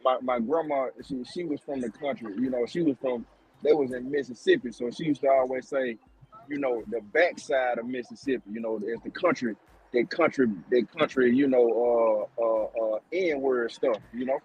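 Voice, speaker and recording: A man's voice: mid-range voice, animated, normal speed, a little mellow, a little hiss or hum, low-quality recording. A man in casual chat who stumbles and repeats words as he talks.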